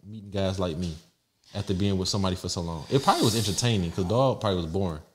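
A man's voice: low-pitched, very fast. A man co-hosting a casual chat show, teasing the guest with joking, profane banter. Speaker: podcast co-host.

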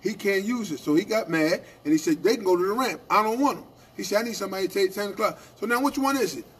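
Husky high-voiced man telling union stories. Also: quick pace. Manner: animated storytelling, acting out quoted exchanges, repeated "right?". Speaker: union radio show co-host. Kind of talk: casual union talk radio.

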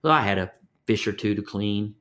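A man's voice: on the low side, brisk, a bit bright. An older man from Texas with a Texan accent, a fishing guide telling stories in a folksy interview, often repeating his words. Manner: folksy, repeats words, acts out quoted voices. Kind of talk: storytelling interview.

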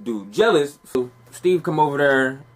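Guy doing a young dude retelling a wild party night on the phone, husky voice, swoops up and down a lot. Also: medium pitch, lively intonation, unhurried, soft background music. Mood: recounting. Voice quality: profane, streetwise, rambling. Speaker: witness on a phone call. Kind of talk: scripted monologue.

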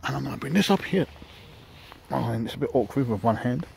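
A man running a ghost hunting session outdoors at night, talking slowly and calmly to coax spirits. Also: medium pitch, creaky. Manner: calm, coaxing, speaks slowly to spirits. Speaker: paranormal investigator. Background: faint noise of passing traffic.

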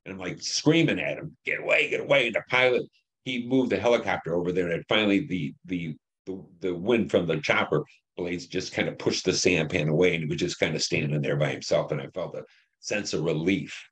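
Older man, deep voice, blunt and profane, telling war stories in an interview. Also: fairly quick. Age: 70s. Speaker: Vietnam veteran interviewee. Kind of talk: recounting war memories.

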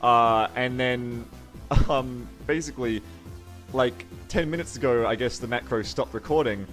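A young man streaming a video game, telling stories in excitable banter, swearing freely and slipping into silly voices. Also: medium pitch, unhurried, soft background music.

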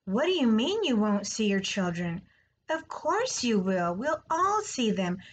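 A woman's voice: a little high, sing-song, unhurried, slightly rough, heavily acted, low-quality recording. A woman voicing an innocent, eager young male pig in a storybook read-aloud, asking earnest questions. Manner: wide-eyed, earnest questions.

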